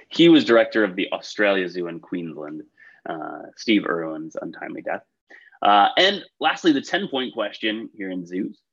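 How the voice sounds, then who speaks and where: A man with a lowish, slightly rough voice runs a trivia quiz over a video call, and the audio sounds dull. Between reading questions, he drops in chatty, upbeat asides.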